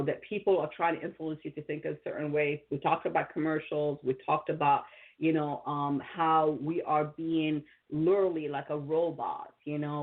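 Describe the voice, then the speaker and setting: A woman with a slightly low voice hosts a motivational talk, rambling and circling back with lots of fillers and restarts. The sound is thin and tinny, as if it came through a phone line. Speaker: podcast host and coach.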